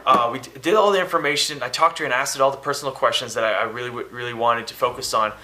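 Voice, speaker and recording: A man's voice: medium pitch, rapid-fire, noisy background. A man casually telling a rambling story to camera, often acting out the phone conversation he describes. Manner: rambling, quotes phone dialogue. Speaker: vlogger.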